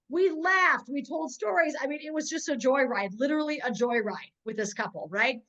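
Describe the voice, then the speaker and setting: With a voice that sits high and moves at normal speed with few pauses, the woman is heard on a rough recording. As a network marketing trainer on a video call, she teaches her sales team through energetic stories, frequently making sure they're following along.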